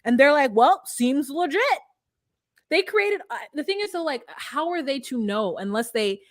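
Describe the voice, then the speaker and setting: A woman hosting a podcast, retelling a story from her notes in an animated, profane way and correcting herself as she goes. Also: high voice, moderate pace, dry recording. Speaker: podcast host reading from notes. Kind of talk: casual storytelling chat.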